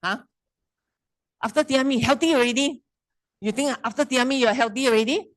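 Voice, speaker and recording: A woman's voice: high-pitched, brisk, dry recording, low-quality recording. Chatty Malaysian woman presenter, dry close sound. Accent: Malaysian English. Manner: chatty, teasing, quizzes the audience. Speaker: wellness presenter. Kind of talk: casual seminar talk.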